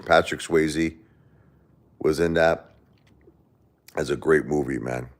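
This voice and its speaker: Deep-voiced man rambling on a livestream. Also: steady tone, slow. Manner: rambling, profane, joking with chat. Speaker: livestream host. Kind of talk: casual livestream chat reading comments.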